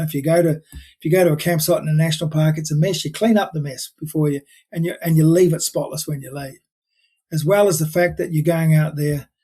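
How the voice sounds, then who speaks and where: An older man with a husky, slightly raised voice, talking as a podcast guest. He rambles through his stories with frequent restarts and asides. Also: on the high side, mellow. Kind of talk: casual storytelling chat.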